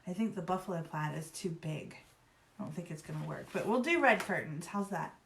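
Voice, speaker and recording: A woman's voice: on the low side, expressive, a little fast, vocal fry, fairly bright tone, a little hiss or hum. A woman from Virginia hosting a live craft demo, chatting in a rambling, upbeat way while she works. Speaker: craft livestream host. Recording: roomy echo.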